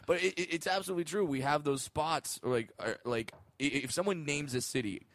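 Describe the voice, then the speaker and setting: A man's voice: a little high, a little fast. A male comedian guest on a podcast, chatting casually and repeating words as he restarts. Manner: stammers on restarts, relaxed and enthusiastic. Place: podcast studio.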